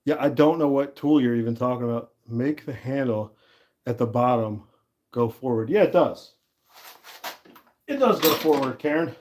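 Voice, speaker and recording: A man's voice: medium pitch, normal speed, pauses often, a little mellow. A man in his thirties, casually chatting and laughing with viewers while he works on an axe handle during a livestream. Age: 30s. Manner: chatty, laughs easily, reads and answers chat. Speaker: woodworker livestream host.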